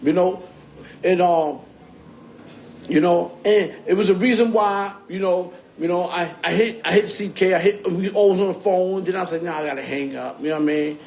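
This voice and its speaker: High-voiced streetwise man on a livestream. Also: steady tone, normal speed, a little mellow, a little hiss or hum. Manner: streetwise slang, repeats "you heard?". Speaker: livestream host. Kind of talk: casual livestream monologue. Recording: phone screen-recorded livestream.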